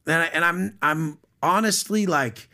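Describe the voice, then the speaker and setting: A man's voice: fairly high pitch, measured pace, pushed and bright. A man talking as a podcast guest in casual conversation, blunt, profane and boastful.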